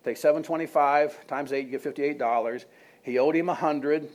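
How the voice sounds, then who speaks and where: A man's voice: fairly high pitch, normal speed, a little mellow. A male pastor preaching a sermon to a congregation, retelling a story in a conversational way and asking the room questions.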